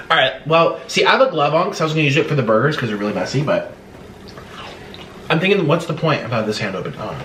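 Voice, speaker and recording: A man's voice: fairly high pitch, lively intonation, quick pace, far from the mic. Hyper, sing-song young man eating on camera. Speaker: mukbang host. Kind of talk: casual eating vlog chat. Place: room at home. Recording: echoey room, mic set back, faint hiss.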